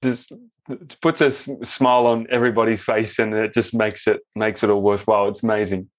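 A man hosting a casual interview and reacting with quick, enthusiastic praise. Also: lowish voice, fairly even intonation. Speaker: host.

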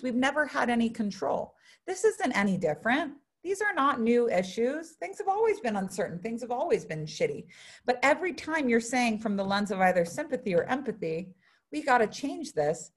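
A young woman preaching a spiritual message to a live crowd in a brightish voice. She talks bluntly and swears freely. She drops to hushed asides and then rises into loud, animated bursts. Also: a little high. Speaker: spiritual speaker. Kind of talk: live motivational talk to an audience.

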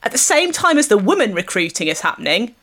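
A woman, co-hosting a comedy podcast, pitching an absurd protest stunt with mock-earnest conviction. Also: very animated, quick pace, fairly bright tone. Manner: earnest mock-activist delivery, breaks into laughter.

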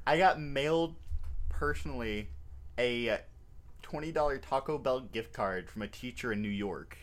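A young man appearing as a podcast guest, cracking dry, deadpan jokes. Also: medium pitch, normal speed. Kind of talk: casual podcast chat.

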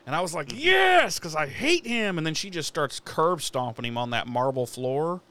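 A man's voice: fairly high pitch, fairly quick. A man casually recapping a TV episode, swearing freely and acting out the characters' lines. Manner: animated, swears a lot, acts out characters' lines. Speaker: podcast co-host recapping an episode. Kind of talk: casual profane recap chat.

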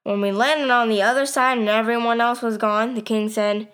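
A woman reading a story aloud as its first-person narrator, in a plain, steady storytelling manner. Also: fairly high pitch, moderate pace, few pauses, clean tone.

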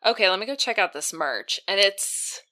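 A woman co-hosting a podcast in casual chat, animated and rambling, with lots of "like". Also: medium pitch, normal speed. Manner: chatty, animated, heavy use of "like". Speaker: podcast co-host.

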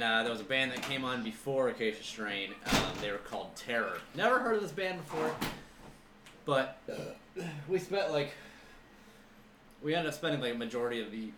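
A man's voice: mid-range voice, sharp tone, slight background noise. A man telling a story in casual chat, profane and rambling, full of fillers. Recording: roomy echo.

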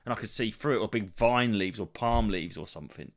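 Speaking fairly quickly with a fairly low pitch, a solo podcast host in his thirties rambles through animated, sweary stories, meandering along on his comedy podcast.

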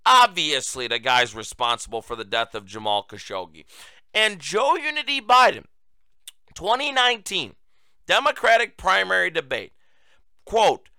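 A male talk-show host delivering political commentary in a mocking, combative tone. His voice is very bright and sharp, smooth and crisp, and sits dry and close with no room echo. He swings into near-shouting when he wants to hammer a point home. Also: fairly high pitch. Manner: raises voice to near-shouting for emphasis.

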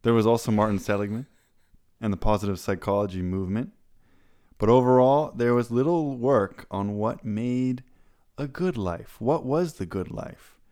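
Smooth-voiced man explaining on a podcast. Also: lowish voice, normal speed, mellow. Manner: chatty, explains background, playful. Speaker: podcast co-host. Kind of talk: casual podcast chat.

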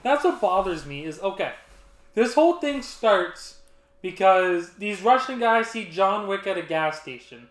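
A man co-hosting a podcast, chatting casually about a movie and retelling scenes in an animated way. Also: high voice, a little slow, roomy sound. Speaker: podcast co-host.

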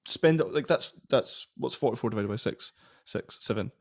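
A man, co-hosting a podcast in excitable, stumbling chat. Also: medium pitch, normal speed, gravelly. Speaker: podcast co-host. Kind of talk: casual chat.

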